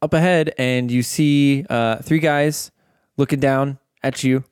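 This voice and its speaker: Guy running a tabletop game, smooth clean voice, dry close sound, lots of ums and laughs. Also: mid-range voice, fairly even intonation, slow pace, darkish tone, no echo. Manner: laughs easily, hesitant fillers. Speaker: game master.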